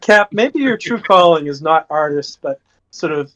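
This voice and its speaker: Tabletop player, a man with a somewhat high voice who jokes and stumbles, on lo-fi audio. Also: animated, moderate pace, fairly bright tone. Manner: joking, stumbles and restarts. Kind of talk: casual tabletop game chat. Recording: dull lo-fi audio.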